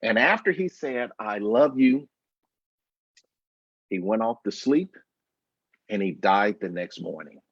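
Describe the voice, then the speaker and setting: Husky middle-aged guy on a video call, slow and reflective, dry dull lo-fi sound. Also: on the low side, expressive, no room sound. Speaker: guest. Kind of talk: personal storytelling interview.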